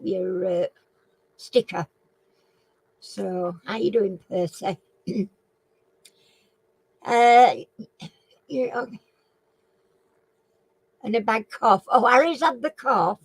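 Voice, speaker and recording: Northern english lady rambling on a live chat, slow easy pace, keeps clearing her throat, dry sound. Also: medium pitch, no room sound, rough recording. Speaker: live chat and quiz host. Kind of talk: casual live-stream chat.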